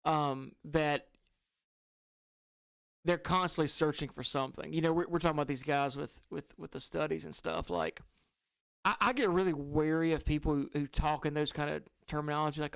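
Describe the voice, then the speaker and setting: A man co-hosting a casual podcast chat, talking in a halting way with stumbling restarts. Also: fairly high pitch, gravelly, clean tone, dry recording, clean studio sound. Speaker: podcast co-host.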